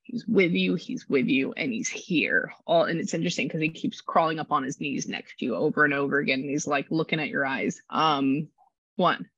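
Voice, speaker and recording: A woman leads a casual reading session, talking in a bright, tense, excitable way and circling back on herself. Her voice is crisp in the highs, but the recording sounds dull and completely dry. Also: moderate pace, dry recording. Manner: animated, rambling, exclamatory. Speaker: psychic medium.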